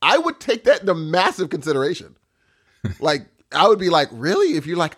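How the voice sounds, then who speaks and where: Playful man with a lively pitch. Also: a little fast, husky. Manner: playful, amused, repeats phrases. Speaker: podcast co-host. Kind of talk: casual banter.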